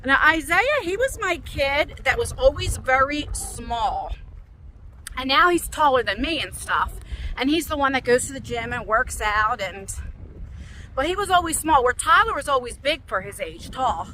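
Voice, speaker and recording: Lively, bright-voiced woman vlogging outdoors. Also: high voice, moderate pace, slight background noise, poor audio. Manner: chatty and rambling, animated when telling stories. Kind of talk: casual vlog chat while walking. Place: outdoors at a lake park.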